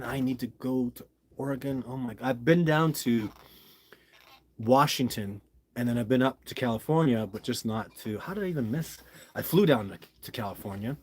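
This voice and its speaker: A man's voice: on the low side, husky. A man hosting a casual live stream, reading viewer comments aloud and rambling enthusiastically while talking straight to the viewer. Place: at home with a dog nearby.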